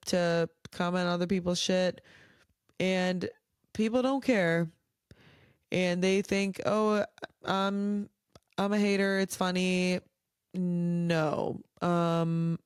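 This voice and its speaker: A tired woman rants bluntly at home late at night, swearing freely and scattering "like" everywhere. Her voice sits fairly low and comes across smooth and clear. The sound is close and dry, with no room echo. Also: darkish tone. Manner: blunt, swears freely, many filler likes. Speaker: podcast host. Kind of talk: casual solo rant.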